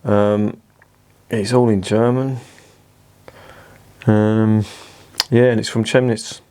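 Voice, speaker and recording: A man's voice: on the low side, level tone, takes it slowly, darkish tone, clear, resonant tone. A man casually reviewing a beer at home, chatty and self-mocking, swearing freely. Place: indoors at home with curtains drawn.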